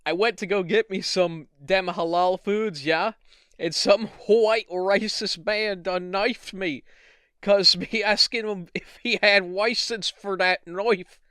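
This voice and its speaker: Play a cocky young British lad as a man putting it on, raised and drawling, leaning on the slang, and keep it bright and clean. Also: high voice, clean tone, no room sound, clean studio sound, pitched above the performer's own voice, exaggerated voice. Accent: put-on British. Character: rowdy young British man calling police.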